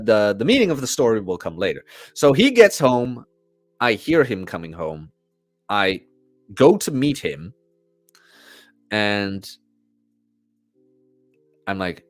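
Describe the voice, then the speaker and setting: A man's voice: on the low side, no room sound. A young man hosting a podcast, casually telling a story and acting out the people in it. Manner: animated storyteller acting out quoted voices. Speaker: podcast host.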